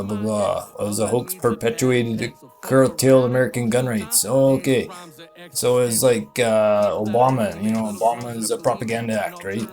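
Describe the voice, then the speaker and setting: A man hosting a comedy show, reading a web page aloud with sarcastic commentary and sudden high, excited outbursts. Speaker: host.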